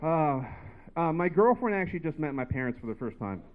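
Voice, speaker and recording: A man's voice: a little high, very animated, a little fast. Tinny-sounding man doing stand-up. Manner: rambling, filler-heavy storytelling. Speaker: stand-up comedian. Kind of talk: stand-up set. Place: comedy bar stage. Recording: tinny phone-like live recording.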